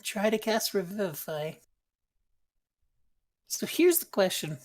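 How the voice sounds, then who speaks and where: A woman runs a tabletop game, narrating the action in an easygoing, descriptive way. Her voice sits at a middle pitch. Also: very animated, slow. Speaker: game master.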